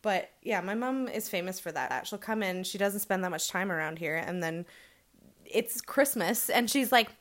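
A pregnant woman co-hosting a podcast, chatting casually in a blunt, sweary and animated way. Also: mid-range voice. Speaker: podcast co-host. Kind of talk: casual chat.

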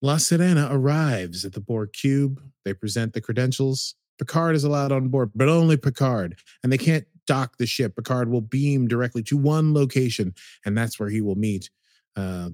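A man co-hosting a podcast, retelling a TV episode in a casual, animated way. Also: medium pitch, no echo, clean studio sound. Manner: animated storytelling, slips into quick quoted voices. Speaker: podcast co-host recapping a TV episode. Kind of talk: casual recap chat.

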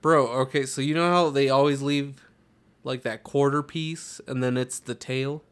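Man, mid-pitched voice, casual podcast chat, teasing, profane, quick questions. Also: fairly even intonation, clear, resonant tone. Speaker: podcast co-host.

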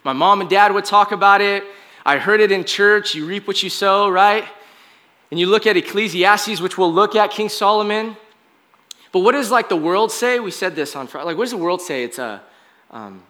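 A man's voice: high-pitched, moderate pace, sharp tone. A young man preaching a conversational, confessional sermon as a pastor, peppered with casual filler words.

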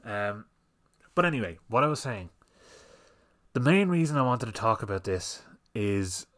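A man's voice: fairly low pitch, expressive, moderate pace, a bit bright. A man hosting a solo podcast, ranting fiery and sweary about comedy and censorship. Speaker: podcast host.

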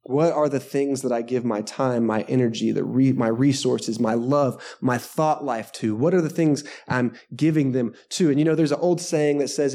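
A man's voice: medium pitch, steady tone, normal speed, few pauses, mellow. A male pastor preaching a sermon to a live congregation, conversational and joking, with self-deprecating asides. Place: church service before a live congregation.

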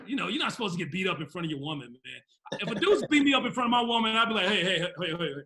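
A man co-hosting a talk show, chatting in a casual, animated way and acting out quotes. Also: high-pitched, racing, background noise. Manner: animated, laughing, acts out quotes. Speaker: podcast co-host. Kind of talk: casual chat.

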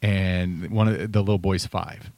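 Low-voiced middle-aged man, casual chat. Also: fairly even intonation, moderate pace, vocal fry, a little mellow, dry recording. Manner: conversational, storytelling, trails off and restarts.

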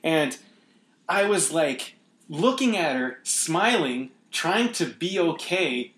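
A man's voice: a little high, very animated, takes it slowly, fairly bright tone, echoey room. A man hosting a podcast, talking casually and reflectively with many restarts. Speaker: podcast host. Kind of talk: casual conversation.

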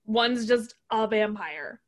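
A woman's voice: on the high side, slow pace. A young woman co-hosting a casual podcast, recapping a movie with sarcastic jokes and giggles. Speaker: podcast co-host.

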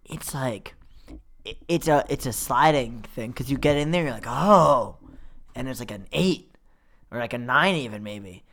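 A man's voice: medium pitch, a bit bright. A man trading playful, riffing banter in a casual comedic chat. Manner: playful, riffing, quick asides.

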